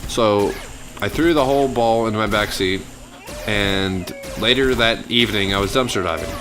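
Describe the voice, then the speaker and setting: A man's voice: fairly low pitch, normal speed, over music. A man casually telling a long, rambling story over gameplay, full of fillers, acting out what people said. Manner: rambling, filler-heavy, acts out quotes. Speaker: gaming channel host.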